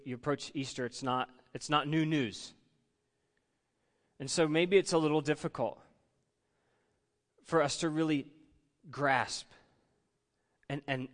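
A man's voice: medium pitch, fairly bright tone. A man preaching an Easter sermon in a conversational way, often repeating words as he searches for the phrase. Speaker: pastor. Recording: long hall reverb.

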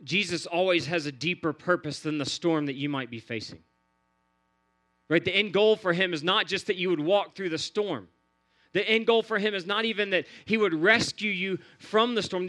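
A man's voice: high-pitched, moderate pace, sharp tone. A man preaching a sermon in an earnest, repetitive cadence, building phrase on phrase. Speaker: pastor.

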